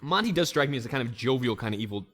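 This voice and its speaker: A man's voice: medium pitch, expressive, very fast, fairly bright tone, faint music behind. Jokey man rambling through gameplay commentary. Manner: jokey, rambling, talks to himself and the game; breaks into goofy voices and song snippets. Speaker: let's play host.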